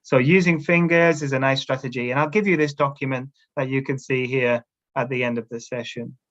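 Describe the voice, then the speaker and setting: Presenting a teacher-training workshop over a video call camera setup, a man talks fairly quickly in a steady, medium-pitched, slightly bright voice. The audio is lo-fi, and he delivers instructions in a coaching tone, regularly checking in with "all right?"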